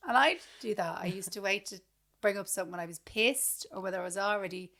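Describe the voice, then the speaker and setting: A woman's voice: mid-range voice, fast. Blunt Irish woman telling stories. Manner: blunt, animated storytelling with acted-out quotes. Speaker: podcast co-host. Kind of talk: casual chat.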